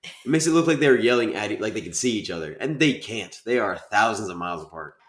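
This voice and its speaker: A man with a low, deep voice talks through a casual film review, hammering home his complaints with emphatic repetition. His voice rings around a bare, echoey room. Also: lively intonation, quick pace, a bit bright. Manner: emphatic, repeats points in frustrated rants. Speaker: podcast co-host.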